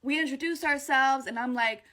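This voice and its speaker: A woman's voice: high voice, moderate pace, sharp tone. A woman telling a personal story in a casual, profane and blunt way. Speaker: vlogger.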